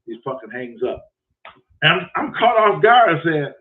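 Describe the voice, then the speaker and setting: Animated, profane man telling a story. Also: fairly high pitch, normal speed. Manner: profane, animated, acts out both sides of conversations. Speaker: host. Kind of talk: casual storytelling monologue. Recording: phone-like lo-fi audio.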